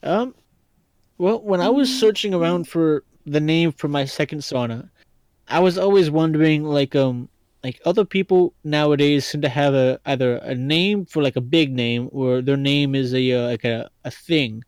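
A man's voice: fairly high pitch, normal speed, darkish tone, dry recording. A man from Kentucky, a podcast guest in casual chat, talking in a rambling, hesitant and playful way with an accent people find hard to place. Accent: hard-to-place, not regional Kentucky. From Lexington, Kentucky, US.

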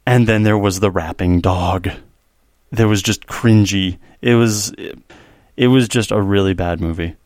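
A man's voice: on the low side, measured pace, darkish tone, no room sound, clean studio sound. A man in a casual podcast chat, wry and dismissive when reviewing films.

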